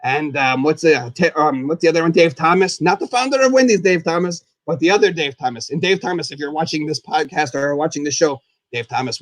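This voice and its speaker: Goofy skeleton host, played by a man, excitable, rambling, high-pitched, dry recording. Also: no room sound. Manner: rambling, excitable, refers to himself in the third person. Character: goofy skeleton host, male, chatty and silly. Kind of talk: live puppet talk show.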